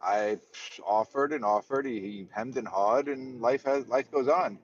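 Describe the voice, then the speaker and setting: A man's voice: mid-range voice, a little slow, lo-fi sound. A man who co-hosts a live trading stream, bantering bluntly with his friends, teasing them and swearing freely. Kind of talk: casual banter.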